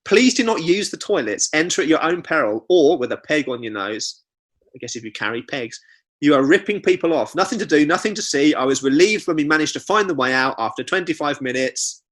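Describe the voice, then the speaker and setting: Bright-voiced man, jokey podcast host. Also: on the high side, lively intonation, fairly quick. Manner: jokey, reads reviews aloud with asides. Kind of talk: casual comedic chat.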